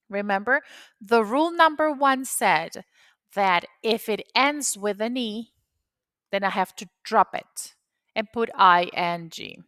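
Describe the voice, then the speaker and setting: Mid-range and fairly bright, recorded without room sound, this woman's voice guides a grammar lesson. A native Spanish speaker teaching English, she explains the rule patiently in steps and keeps coming back to the key points.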